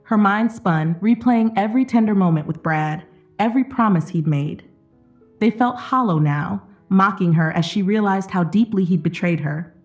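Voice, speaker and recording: A woman narrating an emotional story in a steady, dramatic scripted reading. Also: medium pitch, normal speed, dull audio, soft background music.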